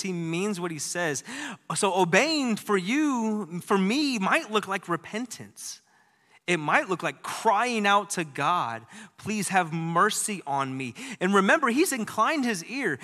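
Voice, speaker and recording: A middle-aged male preacher with a bright, forceful tone, delivering a sermon in a church. His voice swings from urgent, loud exhortation down to soft, hushed near-whispers. A long reverb trails each phrase through the hall. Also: fairly high pitch.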